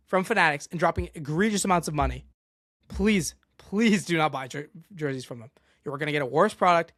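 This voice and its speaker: A man's voice: a little high, brisk, fairly bright tone, no room sound, clean studio sound. A young man hosting a solo sports podcast, ranting with exasperation and going off on tangents. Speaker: podcast host.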